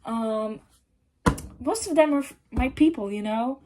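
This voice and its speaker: Woman, podcast host, casual storytime, chatty, exasperated, swears a lot, slightly high pitch. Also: measured pace, dark tone, slight background noise.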